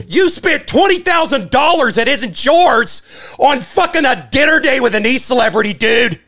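A man delivering a profane, heated livestream rant, often shouting. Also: very high voice, expressive, normal speed.

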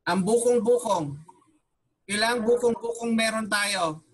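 A man's voice: sits high, a little slow, slight background noise. A man teaching an online Tagalog class, patiently repeating questions and mixing Tagalog with English.

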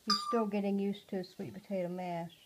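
A woman at home talking to her pet parrot in a casual home video, cooing softly and often dropping to a hush. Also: mid-range voice, level tone, moderate pace, heavy background noise. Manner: soft, cooing talk to a pet, often hushed.

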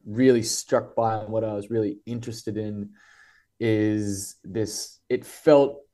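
An Australian man talks as a podcast guest, wandering through his thoughts with plenty of ums and restarts. His voice sits low and sounds mellow and relaxed. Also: slow. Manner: rambling, thoughtful, many fillers and restarts. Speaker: guest writer. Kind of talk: casual podcast interview.

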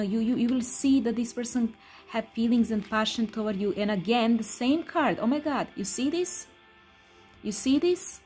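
A woman with a fairly high voice, a non-native English speaker, gives a tarot card reading. She's emphatic and repetitive, bursting into excited exclamations.

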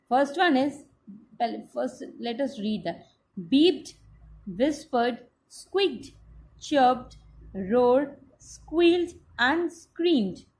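A woman teacher with an Indian English accent, giving a slow, patient class lesson that spells out each step. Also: fairly high pitch, darkish tone.

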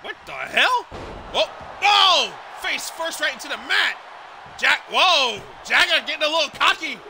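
High, sharp-voiced shouting male commentator. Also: big pitch swings, unhurried, creaky, a little hiss or hum. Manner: shouting, exclaiming, swearing. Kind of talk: excited play-by-play commentary.

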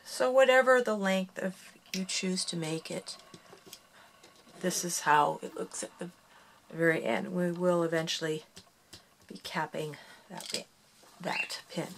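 Slow-talking woman teaching a craft. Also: lowish voice, slight background noise. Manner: counting steps aloud, chatty asides. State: out of breath. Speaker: craft tutorial host. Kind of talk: casual loom bracelet tutorial.

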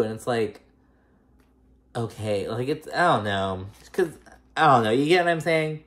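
At a normal pace and medium pitch, a man chats his way through a reality show episode recap. He wanders as he talks, saying "like" and "girl" over and over.

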